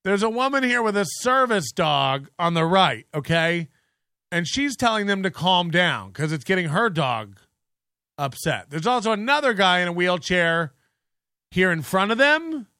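High, bright-voiced man laughing along. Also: moderate pace, clear, resonant tone, no echo, studio quality. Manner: laughing, repeating quotes, animated. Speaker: host. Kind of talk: casual commentary on a viral video.

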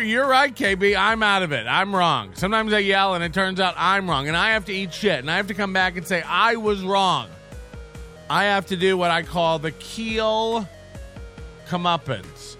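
A man's voice: on the high side, bright, forceful tone. A man hosting a casual livestream, rambling and self-mocking, with frequent swearing. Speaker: livestream show host.

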